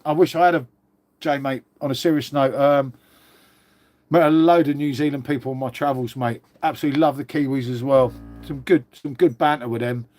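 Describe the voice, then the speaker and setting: A man's voice: mid-range voice, steady tone, brisk, darkish tone. An adult man, hosting a casual livestream and chatting with viewers, blunt and sweary, calling everyone "mate". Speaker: livestream host.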